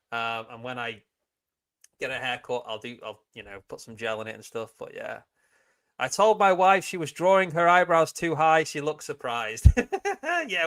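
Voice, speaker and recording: Guy on a live stream, bit high voice, keeps cracking up reading chat. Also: a bit bright. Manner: chatty, giggly, reads chat comments aloud. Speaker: livestream host.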